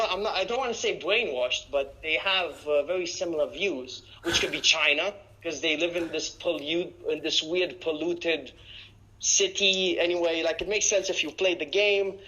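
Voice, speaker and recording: A man's voice: a little high, fairly bright tone. A man in casual podcast chat, rambling with lots of "like" and swearing freely. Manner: rambling, full of "like" and "you know what I mean". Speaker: podcast guest. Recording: slightly dull lo-fi recording.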